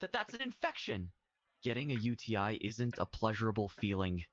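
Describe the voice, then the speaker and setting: A synthetic voice playing a deep, flustered chatbot youth. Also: male voice, huge pitch swings, fairly quick, dry recording. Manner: reads out its own stage actions, stammering. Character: flustered young man chatbot character. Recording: dull lo-fi dry sound.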